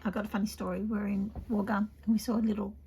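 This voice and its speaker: A woman demonstrating card making in a chatty way, often dropping to a soft half-whisper as she works. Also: medium pitch, little pitch movement, quick pace, a little hiss or hum. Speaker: papercraft demonstrator. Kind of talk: chatty craft tutorial.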